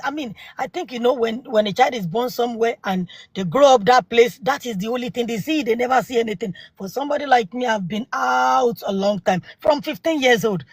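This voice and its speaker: A woman's voice: on the high side, brisk, few pauses, slightly rough, dry recording, studio quality. A woman in her forties with a non-native English accent, arguing emphatically in a heated live panel debate and repeating rhetorical questions.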